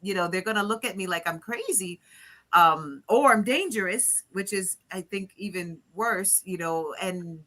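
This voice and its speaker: A woman from Rico, a teacher chatting as a guest, animated and laughing often as she acts out quotes. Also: mid-range voice, measured pace. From Puerto Rico. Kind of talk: casual chat.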